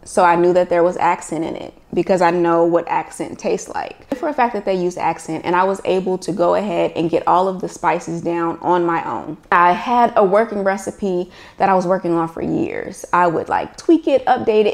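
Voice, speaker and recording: A woman's voice: lowish voice, creaky. A woman in her thirties from Los Angeles, casually and animatedly explaining how she recreates recipes. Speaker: recipe developer. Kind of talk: casual storytelling interview.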